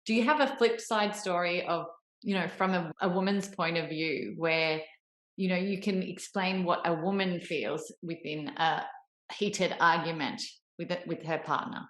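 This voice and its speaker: A woman with a fairly low voice hosts an interview, posing measured, thoughtful questions. Her voice rings in an echoey room. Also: steady tone, fairly bright tone. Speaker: podcast host.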